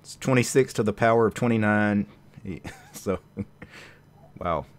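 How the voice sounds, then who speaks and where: Man, host, lowish voice, laughing often, casual tech chat, video call. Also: a little slow, smooth. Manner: laughs often, relaxed enthusiastic nerd talk.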